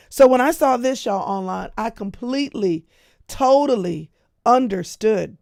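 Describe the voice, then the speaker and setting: Brief: middle-aged woman, higher voice with some fry, casual to-camera storytelling, faint music behind. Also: normal speed, a little mellow. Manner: chatty storytelling that talks straight to the audience as "y'all". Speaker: Christian speaker sharing a personal update.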